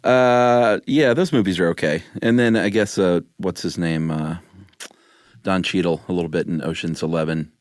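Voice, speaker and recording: A man's voice: low-pitched, normal speed, dry recording. A man co-hosting a podcast, chatting casually and explaining things in a laid-back way. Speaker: podcast co-host. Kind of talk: casual chat. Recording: dry close studio sound.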